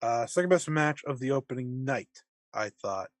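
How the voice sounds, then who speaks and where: A man's voice: medium pitch, animated, normal speed. A tired man co-hosting a casual wrestling podcast, wry and emphatic in bursts, otherwise sleepy and mumbling. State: tired, yawning. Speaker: podcast co-host.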